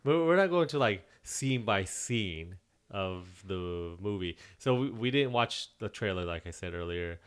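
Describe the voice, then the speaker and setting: A man's voice: low voice, animated, measured pace, clean tone. A man co-hosting a podcast. He chats casually and jokingly about a film, rambling and laughing as he goes. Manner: rambling, jokey, breaks into laughs and silly noises. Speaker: podcast co-host. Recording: faint film soundtrack playing behind.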